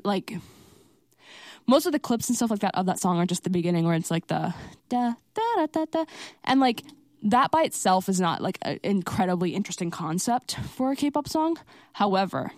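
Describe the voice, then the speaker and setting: A woman's voice: mid-range voice, a little mellow, dry recording, clean studio sound. A young woman hosting a college radio show, chatting casually and enthusiastically between songs, with many likes and ums. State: slightly out of breath. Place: radio studio.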